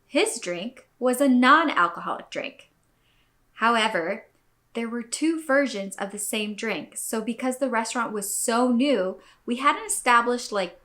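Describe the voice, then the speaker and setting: A young woman hosting a podcast, reading a listener's story aloud and then telling her own, casual and animated, with plenty of swearing and acted-out quotes. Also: fairly high pitch. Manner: animated, swearing, expressive quoting.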